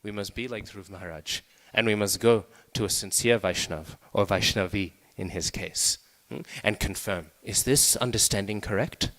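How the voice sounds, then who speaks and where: A man's voice: fairly low pitch, moderate pace, few pauses, a bit bright. A man giving a scripture class in a conversational way, often checking in with the listeners. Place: temple hall. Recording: long reverb of a temple hall.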